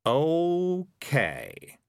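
A man's voice: a little high, wildly swooping pitch, drawn-out words, vocal fry, clean tone, no room sound, clean studio sound, pitched above the performer's own voice, exaggerated voice. Male narrator as a sly, chirpy con-artist cat, bouncy lilting delivery, storybook. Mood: threatening. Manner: cheerful, wheedling, persuasive. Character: smooth-talking scheming male talking cat.

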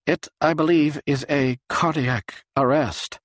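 A man reading an audiobook, voicing an odd, clinical man who talks in smooth, jargon-laden phrases. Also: a little high, steady tone, takes it slowly, dry recording, voice pushed up. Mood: pedantic.

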